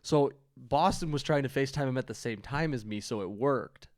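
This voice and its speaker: Man, casual podcast storyteller, acts out quotes, mid pitch, dry room. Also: fairly quick, darkish tone, no echo. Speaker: podcast guest.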